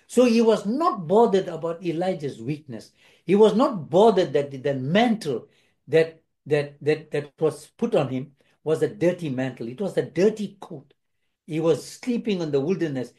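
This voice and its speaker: A man preaching a sermon, his pitch rising and falling widely as he retells a scripture story. His voice is on the high side for a man yet mellow and dark in tone. He restarts phrases often and acts out the quoted lines himself.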